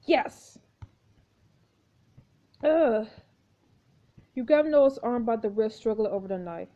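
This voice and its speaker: Woman playing a story game, reading it out and reacting a lot, kinda high voice, muffled lo-fi mic. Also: slow. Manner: expressive, exclaiming reactions. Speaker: gameplay narrator. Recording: dull lo-fi recording.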